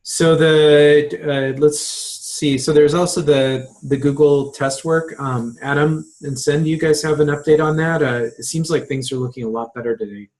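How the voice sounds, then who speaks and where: A man's voice: fairly high pitch, steady tone, normal speed, hardly any pauses, a little mellow. A man running an online release meeting on a video call, talking casually with many fillers and restarts.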